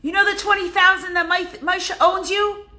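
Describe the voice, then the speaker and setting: Shrill, insistent wife, fed up and bossy, a woman putting her on in a joke. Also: fairly even intonation, moderate pace, pushed and bright. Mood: shouting. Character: exasperated wife scolding her worried husband.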